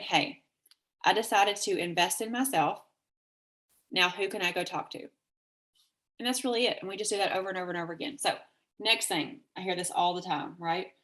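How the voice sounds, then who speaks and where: A woman from Kentucky with a Southern accent, giving an energetic, chatty sales pitch over a video call and acting out quoted messages with big jumps in pitch. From Kentucky, USA. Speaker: network marketing presenter.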